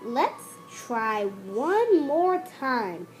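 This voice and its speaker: A children's lesson host reading out a cheerful little girl coaxing her puppy, in a singsong, drawn-out voice. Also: medium pitch, big pitch swings, soft background music.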